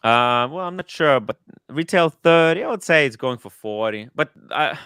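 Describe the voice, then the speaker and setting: An excitable man hosting a casual livestream, chatting with guests and the chat. His voice is crisp and smooth, sitting a little high for a man. It is recorded close and dry on a studio mic. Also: no room sound. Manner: excitable, animated, quick asides to chat. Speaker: livestream host. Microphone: studio microphone.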